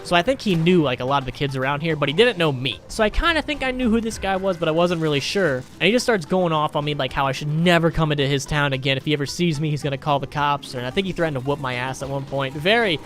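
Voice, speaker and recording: Young man, slightly high voice, crude sarcastic storytelling, gameplay commentary, faint music behind. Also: animated, quick pace, hardly any pauses, a bit bright. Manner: crude, sarcastic, rambling anecdotes. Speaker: gaming YouTuber.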